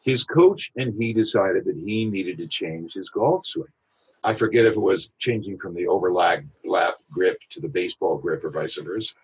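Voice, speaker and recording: Husky, low-voiced man, voice actor as podcast guest, thoughtful explainer. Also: lively intonation. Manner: reflective, explains with examples and quick imitations. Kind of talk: podcast interview talk.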